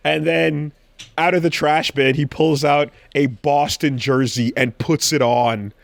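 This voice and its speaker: A man co-hosting a podcast in casual chat, telling an excited story with animated quoted cries and frequent swearing. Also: medium pitch, a little slow, no room sound. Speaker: podcast co-host.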